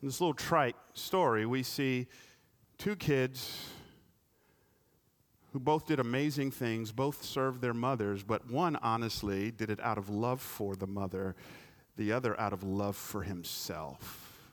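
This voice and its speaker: A man's voice: mid-range voice, measured pace. A male pastor preaching a sermon, telling stories and asking the congregation pointed rhetorical questions.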